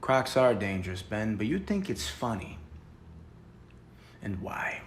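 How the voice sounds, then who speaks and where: A man giving a mock-serious comedic lecture, intense and deadpan, dropping to whispers and rising to loud outbursts. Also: lowish voice, unhurried, a little hiss or hum. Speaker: comedy sketch creator.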